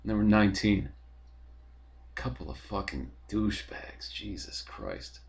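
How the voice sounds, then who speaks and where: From his apartment, a man with a lowish voice hosts a podcast at normal speed. He rambles through a casual, profane rant, clearly exasperated.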